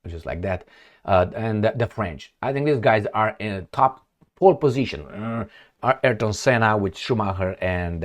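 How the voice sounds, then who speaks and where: A middle-aged man giving off-the-cuff commentary while reading news articles aloud, sarcastic and rambling, with many fillers and restarts. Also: fairly low pitch. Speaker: political commentator.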